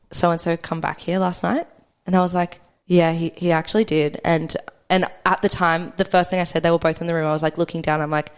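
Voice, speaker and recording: Fast-talking woman telling a personal story. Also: on the low side, smooth. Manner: quick, conversational, re-enacts past dialogue. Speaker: podcast guest.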